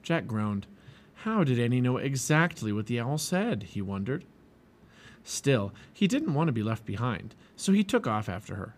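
Expressive man reading a storybook. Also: medium pitch, normal speed. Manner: expressive, lively read-aloud. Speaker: storybook reader. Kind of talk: reading a children's book aloud.

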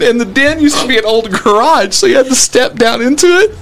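A man's voice: extremely high pitch, animated, a little fast, a crowd in the background. A man co-hosting a podcast, telling stories in casual chat and laughing his way through them. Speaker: podcast co-host.

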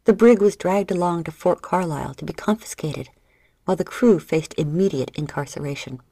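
A woman giving a measured, dramatic audiobook narration. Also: on the low side, dark tone, no room sound. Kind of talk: scripted narration.

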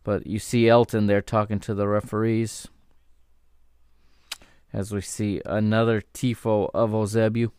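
A man's voice: fairly low pitch, flat delivery, a little slow, pauses often, darkish tone, smooth, no echo, studio quality. A man hosting a podcast, giving chatty, easygoing watchalong commentary on an old football match and correcting himself as he goes. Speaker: podcast host.

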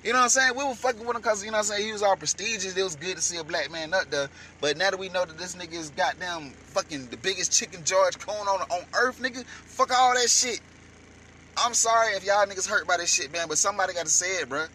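A man delivering a heated, profane rant as a vlogger, shouting at times. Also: high-pitched, fast talker, slight background noise. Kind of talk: heated ranting commentary.

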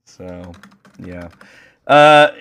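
Man, podcast co-host, casual chat, profane, excitable, lively swinging pitch, bright tone. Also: very slow, smooth. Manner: profane, excitable, rants loudly.

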